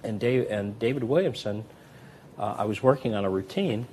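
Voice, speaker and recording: A man's voice: moderate pace, slight background noise. A man, a magician and comedy performer, telling anecdotes in an interview and acting out the voices of the people in them. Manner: animated, acts out quoted voices with big swings in pitch and loudness.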